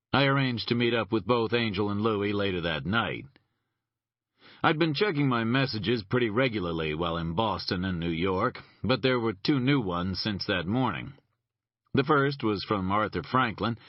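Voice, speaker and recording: A man narrating a crime novel audiobook in the first person, measured and dry. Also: lowish voice, no room sound. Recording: dull lo-fi recording.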